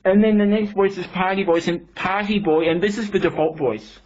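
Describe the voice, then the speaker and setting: A reviewer demonstrating software, explaining things step by step with many restarts. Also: medium pitch, fairly quick. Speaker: product reviewer. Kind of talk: casual demonstration. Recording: dull home recording, faint hiss.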